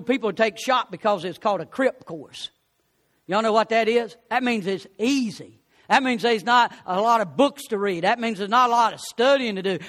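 A man's voice: high voice, bright, forceful tone, long reverb tail. A man preaching a sermon, telling folksy stories and rising to fervent appeals.

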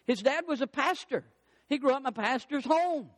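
An older man delivers a sermon from the pulpit with a strikingly high voice. His pitch swings widely as he drives points home in an emphatic, repetitive cadence. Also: animated, moderate pace. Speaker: pastor.

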